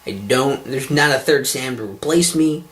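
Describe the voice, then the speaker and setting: This vlogger and show host talks to camera at a moderate pace, his mid-range voice fairly bright. He rambles sarcastically, puts himself down, curses often, and keeps stopping to restart or say um.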